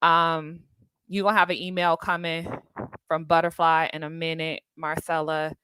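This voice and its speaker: A woman hosting a casual live stream, greeting viewers by name and chatting in an animated way, often laughing. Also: low-pitched, normal speed, clear, resonant tone, dry recording.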